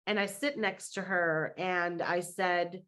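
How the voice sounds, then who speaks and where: A woman's voice: on the low side, fairly even intonation, slow, fairly bright tone. A middle-aged woman, a mindset coach on a podcast, telling a story with animation and acting out the other people's lines.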